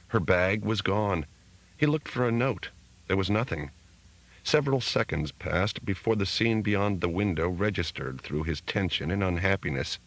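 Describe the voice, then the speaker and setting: A man reads an audiobook in a measured, steady storytelling manner. His voice is very low and deep. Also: poor audio. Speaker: audiobook narrator. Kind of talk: scripted narration.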